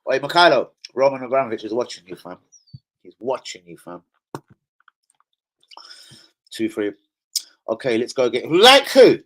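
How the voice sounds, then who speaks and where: An angry man rants on a live stream as a football fan. He swears constantly and swings between loud outbursts and low, disgusted mutters. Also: normal speed, pauses often, slight background noise.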